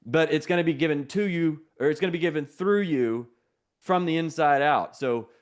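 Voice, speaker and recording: A fairly high-pitched man preaching with energy and a conversational edge. He repeats his key phrases and has the listeners say them back to him. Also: moderate pace. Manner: call-and-response, repetitive. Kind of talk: sermon.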